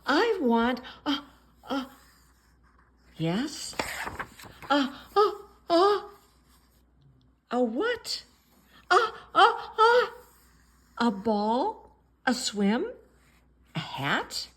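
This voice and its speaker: A woman voicing an anxious male elephant who stammers and bursts into loud sneezes in a storybook. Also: medium pitch, fairly even intonation, takes it slowly, hardly any pauses, natural voice. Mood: distressed.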